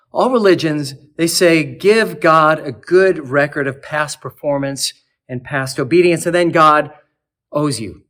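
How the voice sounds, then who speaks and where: A man preaching a sermon in earnest, building lists of words and easing down to a soft, low close. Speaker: archdeacon preaching. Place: cathedral.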